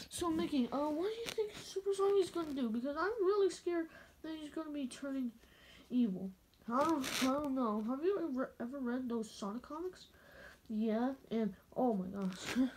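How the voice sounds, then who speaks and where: A woman's voice: high voice, animated, moderate pace, darkish tone, a little hiss or hum. A woman acting out a toy adventure, voicing several characters with hesitant fillers and repeated words. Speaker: toy play narrator.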